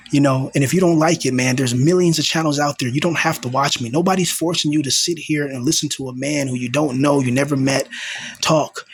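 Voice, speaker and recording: A man's voice: on the high side, breathy edge. A young man hosting his own channel, venting in a raw, confrontational monologue and repeating himself for emphasis. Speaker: channel host.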